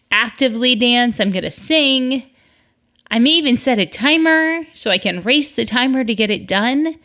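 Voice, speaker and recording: This solo podcast host, a middle-aged woman from the northern United States, has a fairly high, somewhat bright voice. She keeps things upbeat and chatty, tossing in asides.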